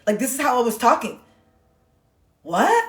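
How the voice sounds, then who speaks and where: A woman hosting a casual livestream, talking in an animated, emphatic way with plenty of swearing. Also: medium pitch, a little fast, roomy sound, recorded from a distance. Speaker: livestream host. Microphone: phone.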